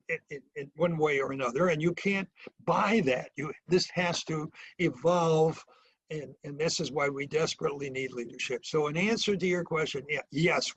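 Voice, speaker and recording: An older American man with a husky, slightly high voice speaks as a professor being interviewed. He talks haltingly, restarting his sentences and circling back to his point with a dry wit. The sound is close and dry, with little room echo. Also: fairly bright tone. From United States. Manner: halting, many restarts and fillers, with dry humour. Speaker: international relations professor, guest. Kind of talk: remote interview.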